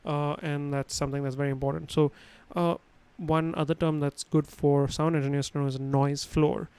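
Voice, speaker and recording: A man's voice: a little high, flat delivery, moderate pace, darkish tone, smooth, dry recording, rough recording. A man teaching a livestream lesson on sound, explaining casually with many fillers and restarts, recorded at home on a studio microphone. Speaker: instructor. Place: his home room.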